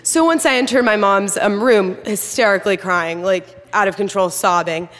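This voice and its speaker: A woman's voice: mid-range voice, normal speed, fairly bright tone. A nervous woman in her twenties, a student speaker telling her own story candidly with many "um" fillers. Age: 20s. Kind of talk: personal storytelling speech. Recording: long hall reverb.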